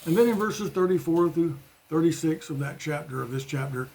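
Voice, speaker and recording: A man's voice: on the high side, animated, fairly quick, darkish tone, slightly rough. A man giving an informal sermon in a conversational way, with playful voiced asides. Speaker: preacher.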